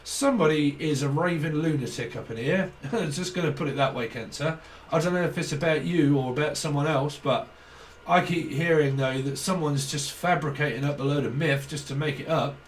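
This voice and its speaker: A man's voice: on the high side, fairly quick, few pauses, recorded from a distance, a little hiss or hum. A man giving a casual channelled tarot reading, rambling, swearing often and laughing between thoughts. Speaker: tarot reader.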